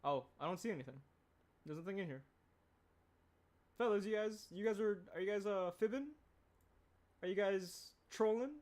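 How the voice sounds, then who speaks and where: A young man chatting casually on a livestream while he animates, rambling and reading chat aloud, clearing a throat that keeps tickling. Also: high voice, a little mellow. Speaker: animator streaming his work.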